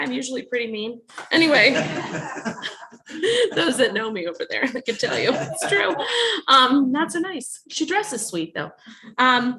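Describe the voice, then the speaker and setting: A woman in her thirties from New Jersey with a Jersey accent, an author telling an audience about her life in a joking, self-deprecating way. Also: very high voice. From New Jersey, USA. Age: 30s. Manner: jokey, self-deprecating, laughs often. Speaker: author speaking at a bookstore event. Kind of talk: casual, self-mocking talk to an audience.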